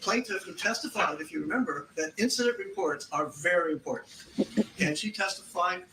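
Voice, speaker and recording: Bright-voiced lawyer man in a roomy courtroom. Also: high voice, fairly quick, slight background noise. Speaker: defense attorney. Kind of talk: courtroom closing argument.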